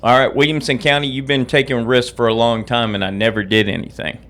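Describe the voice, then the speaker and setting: Freshly awake and drinking coffee, a middle-aged podcast host launches into an agitated, profane personal rant. His mid-range voice stays steady and fairly bright, and he speaks briskly.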